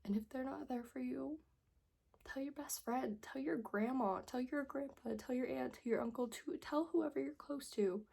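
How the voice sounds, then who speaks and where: Emotional young woman, husky and gravelly. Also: high-pitched, normal speed, darkish tone. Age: young adult. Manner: emotional, earnest, pleading. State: tearful. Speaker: vlogger. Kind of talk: personal story vlog.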